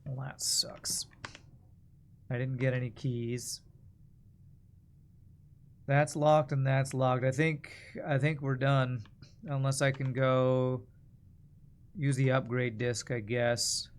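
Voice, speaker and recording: A man's voice: mid-range voice, flat delivery, takes it slowly, long pauses. A man streaming a puzzle game, muttering and thinking aloud to himself and his chat. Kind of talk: casual gameplay commentary.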